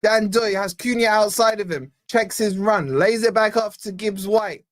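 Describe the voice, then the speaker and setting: A man's voice: high-pitched, moderate pace. Scottish-born man doing live football commentary. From Scotland. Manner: casual play-by-play, bantering with live chat. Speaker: fan channel host.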